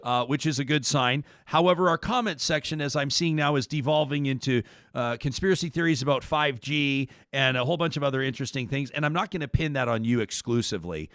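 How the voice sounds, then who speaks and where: A man's voice: medium pitch, brisk, a bit bright, no echo, studio quality. A man hosting a talk show, chatting casually in a rambling, jokey way and often cutting himself off mid-sentence. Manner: rambling, self-interrupting, jokey. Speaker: host.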